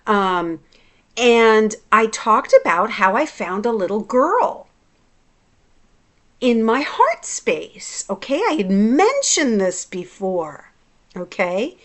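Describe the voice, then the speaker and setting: A woman's voice: mid-range voice, big pitch swings, takes it slowly. A woman hypnotherapist talking in a casual personal vlog, reflective and confessional, often restarting her sentences.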